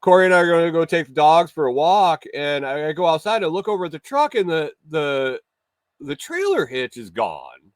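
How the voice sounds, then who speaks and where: A man's voice: on the high side, big pitch swings, moderate pace, dry recording. A man hosting a casual morning show, telling a long rambling story, often restarting and acting out what people said. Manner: rambling, swears, restarts and acts out quotes.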